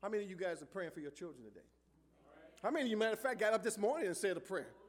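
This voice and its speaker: A high-voiced male preacher delivers a sermon in a church. He moves between soft, low lines and sudden loud calls to the congregation, asking them for amens in a call-and-response rhythm. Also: animated, rapid-fire. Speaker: pastor. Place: church sanctuary.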